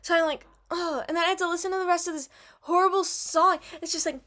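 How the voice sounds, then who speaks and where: A young woman ranting animatedly in a casual vlog from her dark bedroom, full of "like" fillers and exaggeration. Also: very high-pitched, fast. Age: young adult. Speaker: vlogger. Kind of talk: casual rant to camera. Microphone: built-in camera mic.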